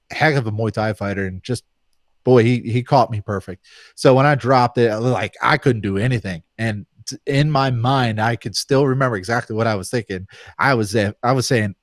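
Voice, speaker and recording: Animated man telling a story, dry mic. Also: medium pitch, dry recording. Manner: animated, acts out quoted voices. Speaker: podcast guest, former fighter. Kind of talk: casual storytelling.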